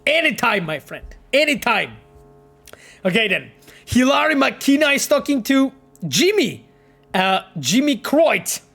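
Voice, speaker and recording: A man with a Polish accent, a game developer casually talking to his stream audience as he plays, excitable and swearing freely. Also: very high-pitched, a little slow, vocal fry. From Poland.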